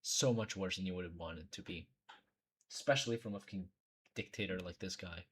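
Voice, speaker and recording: A man's voice: sits low, a little fast, fairly bright tone, husky. Profane ranting young streamer man. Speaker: streamer host. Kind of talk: casual reaction stream commentary.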